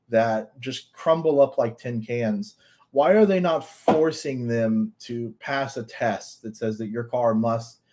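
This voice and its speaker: A man's voice: medium pitch, a little mellow. A man giving blunt, profane reaction commentary on a video, piling up rhetorical questions.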